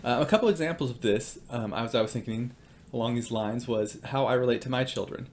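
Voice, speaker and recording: A man's voice: mid-range voice, a little fast, a little hiss or hum. A man and father giving casual devotional teaching with personal stories, hesitant and full of ums and uhs.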